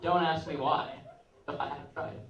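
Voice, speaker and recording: A man's voice: on the high side, fairly even intonation, moderate pace, dull audio, a crowd in the background. A young man performing a rambling, crude, self-mocking open-mic stand-up set on a comedy club stage. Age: young adult. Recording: echoey room, picked up from a distance.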